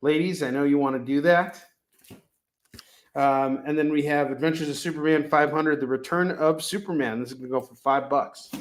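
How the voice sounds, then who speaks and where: A man's voice: a little high, fairly even intonation, normal speed. A man hosting a live comic-book sale, pricing issues in jokey, rambling sales patter. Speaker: host selling comics. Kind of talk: live shopping stream. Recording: echoey room.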